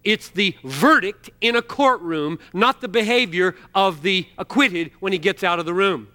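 Male preacher, bright ringing tone, emphatic, loud-then-soft delivery, words drawn out for stress. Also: sits high. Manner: emphatic, swings from loud exclamations to quiet asides; slows to stress key words. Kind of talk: expository sermon.

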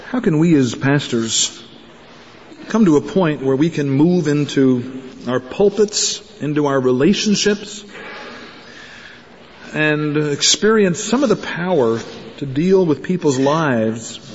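A man's voice: on the high side, animated, slow, darkish tone, big-room sound, highs cut off, slight background noise. A man giving an earnest talk to pastors, telling stories and acting out the voices of the people in them. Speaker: speaker addressing pastors. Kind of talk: conference talk with storytelling.

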